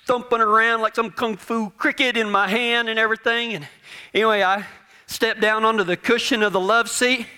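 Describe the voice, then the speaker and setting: A man with a fairly high, bright, forward voice tells a funny personal anecdote at a moderate pace. He's animated and self-deprecating, with the easygoing manner of a folksy storyteller. His tone is clear and resonant.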